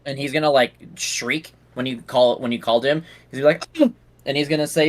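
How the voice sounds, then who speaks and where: A man's voice: mid-range voice, fairly even intonation, a little fast. A young man running a tabletop game as game master, narrating in a casual, rambling way with fillers.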